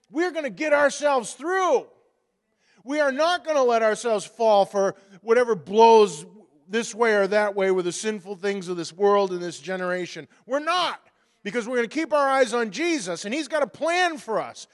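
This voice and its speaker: Pastor guy preaching, high-ish voice, storytelling then building up loud, big echoey hall. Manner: storytelling, rising to forceful preaching. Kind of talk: sermon. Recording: long reverb of a large hall.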